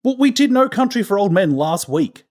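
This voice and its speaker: A man's voice: sits high, sing-song, moderate pace, darkish tone. An Australian man co-hosting a film podcast, making dry, sardonic jokes in casual banter. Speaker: podcast co-host. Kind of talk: casual film-review chat.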